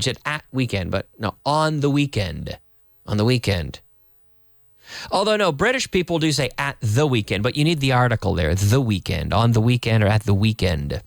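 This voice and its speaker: A young adult man teaching English in a live online lesson, chatty, explaining phrases and repeating them slowly. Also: medium pitch, animated, no echo, clean studio sound.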